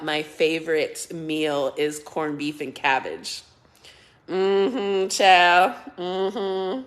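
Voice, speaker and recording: A middle-aged woman hosting a casual livestream, chatting and thanking viewers by name, often laughing. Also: low voice. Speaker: livestream host reading viewer comments.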